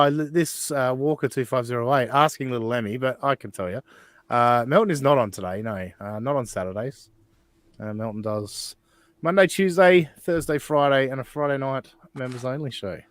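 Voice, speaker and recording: A man's voice: mid-range voice, normal speed, dry recording. A man hosting a podcast, chatting loosely and swearing as he reads chat and banters with guests. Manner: loose, profane, laughing banter. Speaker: podcast host.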